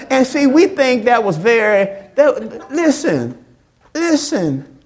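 A woman pastor preaching a sermon, acting out quoted lines with big swings in pitch and loudness. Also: big pitch swings, unhurried.

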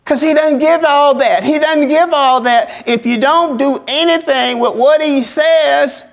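A man's voice: very high voice, measured pace, gravelly. A man preaching a sermon as pastor, in a colloquial, folksy style, repeating phrases in a call-and-response cadence.

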